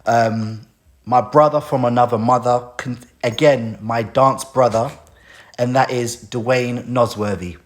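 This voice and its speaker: A man's voice: medium pitch, fairly even intonation, unhurried. A man hosting a casual live stream, talking in a heartfelt and emotional way as he thanks people.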